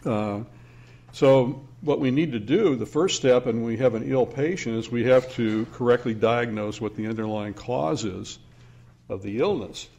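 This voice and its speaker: A man's voice: mid-range voice, measured pace, gravelly, darkish tone. An older man giving a conference lecture on finance, speaking with many hesitations and restarts and a dry, self-deprecating humor. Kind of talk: academic lecture.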